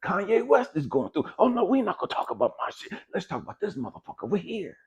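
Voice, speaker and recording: A man plays a loud, dismissive person who keeps deflecting, his voice pushed well up in pitch. The delivery is animated and husky. The sound is dull and lo-fi. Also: fast, exaggerated voice. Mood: dismissive mocking. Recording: dull lo-fi recording.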